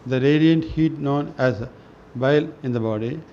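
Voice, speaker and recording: A man reading spiritual scripture aloud in a slow, halting way, often restarting words and clearing his throat. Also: mid-range voice, warm tone. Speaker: reader of a spiritual newsletter. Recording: dull lo-fi recording with faint noise.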